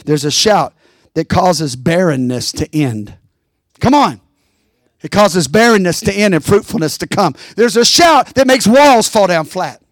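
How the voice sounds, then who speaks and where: Male pastor, high voice, rousing preaching, keeps asking the congregation if they're with him. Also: no echo, studio quality. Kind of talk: sermon.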